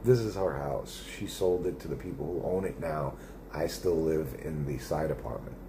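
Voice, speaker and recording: A man's voice: very deep voice, moderate pace, noisy background. A middle-aged man live streaming, rambling and swearing in casual chat as he reads viewer comments aloud. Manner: rambling and profane, with many restarts.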